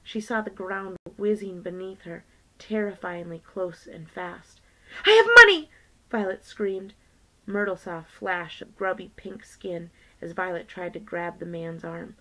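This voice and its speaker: A woman's voice: on the low side, flat delivery, measured pace, rough recording. A woman teacher reading a novel aloud to her class, page by page, lightly voicing the characters.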